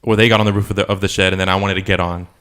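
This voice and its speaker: A man's voice: low voice, little pitch movement, rapid-fire, fairly bright tone, smooth. A young man co-hosting a podcast, telling a long childhood story in a casual, rambling way, full of fillers and laughter. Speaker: podcast co-host. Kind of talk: casual chat.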